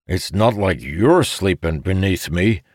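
A man's voice: deep voice, expressive, a little slow, no echo, clean studio sound, voice pushed up. A man doing a brash grinning companion. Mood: teasing. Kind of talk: audiobook character voice.

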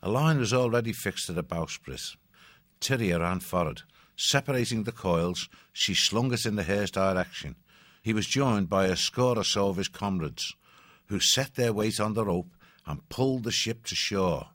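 A man with a low voice narrates an audiobook story at a steady, measured pace. The recording is close and dry, without any room sound.

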